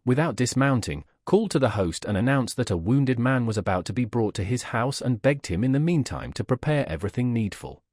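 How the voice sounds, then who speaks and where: A man reading a classic novel aloud as an audiobook narrator, in a measured storytelling delivery that voices the characters' dialogue. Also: medium pitch, darkish tone, no room sound, studio quality.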